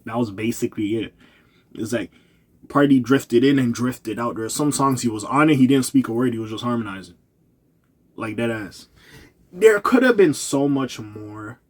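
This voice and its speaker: Male music reviewer, casual and unscripted, blunt and slangy, mid-pitched. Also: normal speed. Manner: candid, profane, slangy, animated when excited.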